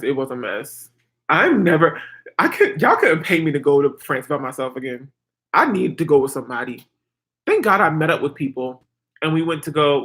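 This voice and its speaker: A woman in her twenties, a vlogger, casually telling a story to her viewers in an animated, chatty way, full of "like" and "girl". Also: low voice. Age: 20s.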